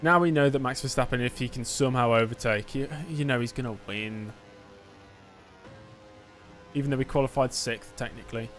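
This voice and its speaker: A man's voice: mid-range voice, a little fast, long pauses, a bit bright, soft background music. Chatty English man streaming a racing game. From England. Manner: chatty, joking, self-deprecating asides. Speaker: gaming streamer. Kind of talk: casual gameplay commentary.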